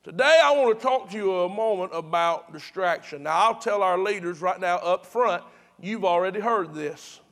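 A man's voice: high voice, animated, normal speed, a bit bright. A pastor preaching to his congregation in a chatty, repetitive way, with emphatic restarts. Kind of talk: sermon.

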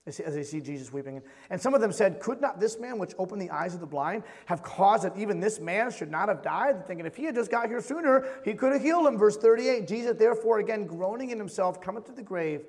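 High-voiced impassioned male preacher. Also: expressive, normal speed. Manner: impassioned, swings between loud and hushed, repeats phrases. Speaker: pastor. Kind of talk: sermon. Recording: long hall reverb.

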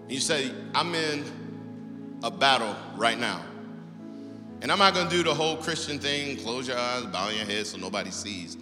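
A middle-aged male pastor preaching a sermon, swinging between loud, animated exhortation and hushed storytelling. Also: medium pitch, moderate pace, over music. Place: church auditorium. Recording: long reverb of a large hall.

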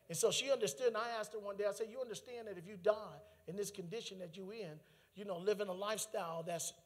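Man, high voice, animated testimony preacher, reverberant hall. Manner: animated storytelling with laughter and asides. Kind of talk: testimony sermon.

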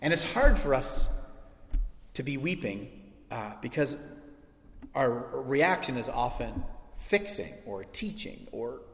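A man preaching a sermon as pastor, animated and conversational, acting out little bits of dialogue and poking fun at himself. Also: mid-range voice, slow pace, long pauses, reverberant, long reverb tail. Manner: animated, acts out short bits of dialogue, self-mocking asides.

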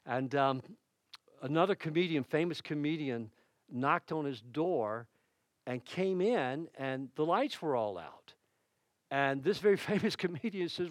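An older man preaching a sermon as pastor, swinging between loud emphatic bursts and low quiet asides. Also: expressive, unhurried, no echo, clean studio sound.

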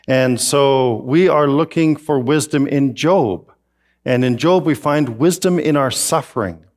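A man preaching a sermon, animated and joking with the congregation. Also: medium pitch, unhurried. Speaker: pastor.

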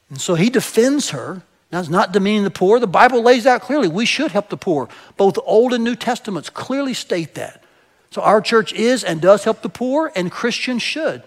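A man's voice: high-pitched, expressive, moderate pace. A man preaching a sermon as pastor, speaking conversationally to his church and often checking in with the congregation. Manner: conversational, asks the congregation "right?"; explains with everyday examples and some hesitations.

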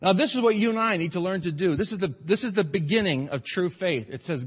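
In a church sanctuary, a middle-aged male pastor preaches earnestly and emphatically, repeating phrases for stress. His high, husky voice is expressive and fast with hardly any pauses, trailing a long reverb.

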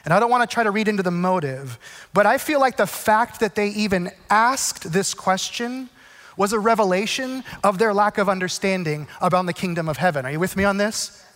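Animated high-voiced preacher in a reverberant hall. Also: male voice, a little fast. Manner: conversational, animated preaching with asides to the congregation. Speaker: pastor. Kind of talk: sermon.

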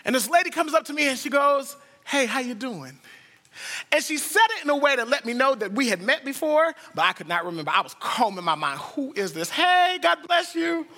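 A man from the United States preaching a sermon as a pastor, telling stories and swinging from hushed to excited. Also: very high-pitched, fast talker, hardly any pauses, long reverb tail.

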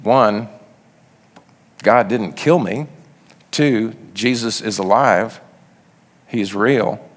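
A man's voice: lowish voice, drawn-out words, long pauses, big-room sound. A man preaching a sermon, reading scripture aloud and then explaining it in a conversational way. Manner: reads passages then explains them conversationally.

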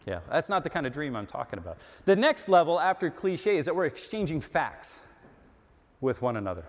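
A middle-aged man preaching a sermon, animated and emphatic, acting out little dialogues as he goes. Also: a little high, fairly quick. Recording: long hall reverb.

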